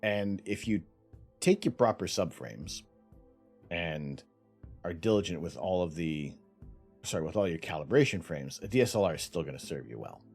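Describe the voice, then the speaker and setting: Low rambling man answering chat. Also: lively intonation, moderate pace, creaky, a little mellow, faint music behind. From Canada. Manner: rambling, reads out chat, lots of restarts. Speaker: livestream host. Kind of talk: casual livestream chat.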